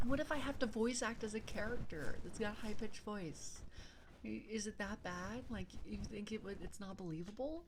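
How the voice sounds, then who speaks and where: A woman's voice: medium pitch, noisy background. A woman streaming as a VTuber, chatting casually with her live viewers, playful, laughing often and swearing freely.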